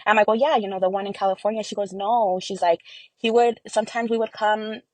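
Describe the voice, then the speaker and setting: A woman's voice: mid-range voice, steady tone, a little fast, darkish tone, dry recording, rough recording. A young adult woman giving an earnest personal account in an interview, full of fillers and quoted dialogue. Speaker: interview guest.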